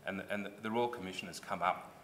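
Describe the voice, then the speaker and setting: A man's voice: deep voice, brisk, a bit bright, a little hiss or hum. An Australian man giving formal testimony at a public hearing, earnest and explanatory, restarting when pressed.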